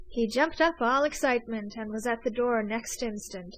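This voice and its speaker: A woman narrating an audiobook of a classic novel in an even, measured reading. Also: a little high, poor audio. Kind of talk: scripted narration.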